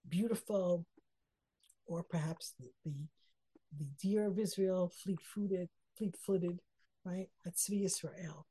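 A middle-aged woman teaching a Torah text study lesson, earnest and reflective, often pausing over the verses. Her voice is a touch low, warm and mellow, with a breathy, husky edge. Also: steady tone, low-quality recording. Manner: mixes Hebrew phrases into English teaching.

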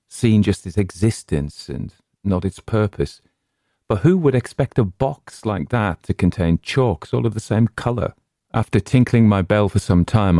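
Guy reading a creepy story, deep voice, dry close sound, takes his time. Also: mellow, no room sound. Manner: measured, deliberate storytelling. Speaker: story reader. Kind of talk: scripted narration of a horror story.

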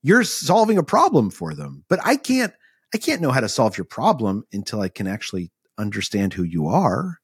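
A middle-aged man, an author guest, telling an animated story in a podcast interview, acting out quotes and using many fillers. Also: lowish voice, normal speed, breathy edge, no echo, clean studio sound.

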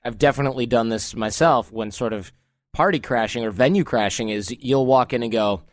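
A man's voice: medium pitch, a little fast, no room sound. A man hosting a casual podcast conversation, chatty and storytelling, laughing easily. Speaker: host.

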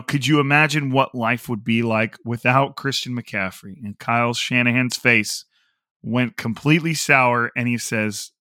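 A man hosting a sports podcast, talking casually and quickly, drifting into asides with fillers and restarts. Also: mid-range voice, sharp tone, no echo, studio quality. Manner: quick, chatty, digressive with fillers. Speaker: podcast host.

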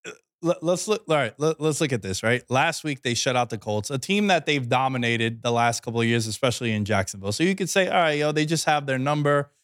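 A man's voice: mid-range voice, expressive, fast talker, a bit bright, no echo, studio quality. A man co-hosting a casual sports chat, loose and slangy in his talk. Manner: loose and slangy, says yo, dude, bro. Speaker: co-host.

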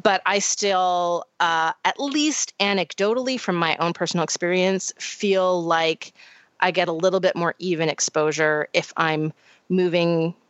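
A woman's voice: lowish voice, steady tone, measured pace, dry recording, dull audio. A woman co-hosting a podcast, explaining science in a casual, chatty way with frequent restarts. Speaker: podcast co-host.

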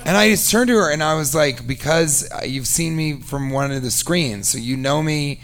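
A man with a somewhat high voice spins a comic anecdote. He is sarcastic and animated. He slips in and out of the people in his story. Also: normal speed, soft background music. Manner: animated, sarcastic, acts out both sides of exchanges. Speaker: comedian. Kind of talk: comedic storytelling.

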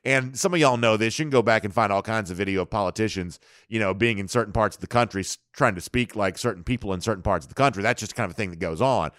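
A man hosting a sports talk show, talking in an animated, conversational way. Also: on the low side, fast, hardly any pauses, no room sound, clean studio sound. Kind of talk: casual sports talk commentary.

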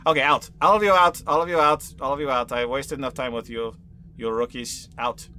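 A man voicing a gruff male weapons instructor who speaks clipped, broken English with a Russian accent. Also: medium pitch, fairly quick, pushed and bright, lightly acted. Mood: bossy.

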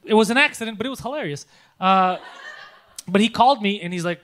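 A man in casual chat, telling profane, animated stories and yelling when he quotes people. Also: high voice, quick pace. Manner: swearing, animated storyteller who yells when quoting.

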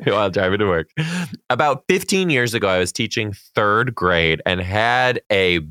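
A man's voice: fairly low pitch, animated, moderate pace, bright, forceful tone, smooth, dry recording. A man co-hosting a podcast, reading listener emails aloud and reacting with dry remarks. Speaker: podcast co-host. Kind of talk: casual chat.

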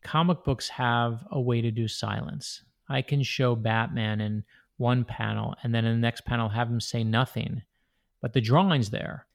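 A man with a gravelly edge to his mid-range voice talks with animation, rushing ahead and restarting his sentences. He sounds like an author who is eager to explain his writing. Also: medium pitch, fairly even intonation. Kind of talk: interview conversation.

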